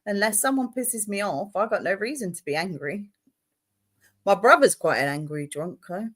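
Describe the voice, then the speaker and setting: A woman telling stories in a casual chat, blunt and animated, swearing heavily. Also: mid-range voice, normal speed, slightly rough.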